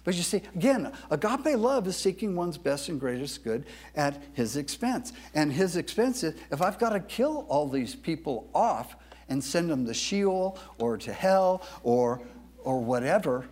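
A male pastor delivering a sermon in a fairly high voice with a very lively, swooping pitch. He rises to booming emphasis for quoted lines, then drops back to a halting, filler-heavy chat with his congregation. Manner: animated, booming when quoting scripture, halting with many fillers.

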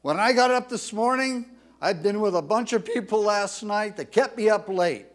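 A man preaching a sermon with emphatic delivery, rising loud when reading scripture aloud, with some halting restarts. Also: high-pitched. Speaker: pastor.

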